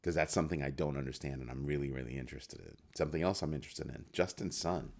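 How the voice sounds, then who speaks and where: A man's voice: very deep voice, fast, a little mellow. A man hosting a crypto news show in casual solo commentary, firing rhetorical questions and restarting his phrases. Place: home studio at a computer.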